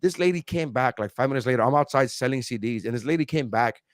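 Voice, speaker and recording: A man's voice: medium pitch, fast, no room sound, clean studio sound. A man co-hosting a podcast, telling a long profane story in casual chat with lots of quoted voices. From South Florida. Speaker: podcast co-host, comedian.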